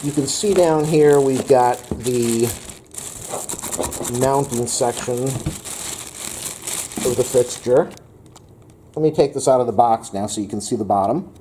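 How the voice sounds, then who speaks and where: A man's voice: mid-range voice, unhurried, long pauses, noisy background. A man hosting a home improvement how-to video, talking casually with frequent fillers and a rambling manner. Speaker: DIY video host.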